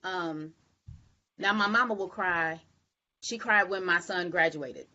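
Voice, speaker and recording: A woman speaking in a measured, thoughtful way as a co-author in a live stream conversation. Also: fairly low pitch, bright, forceful tone, dull audio. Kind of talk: casual conversational chat.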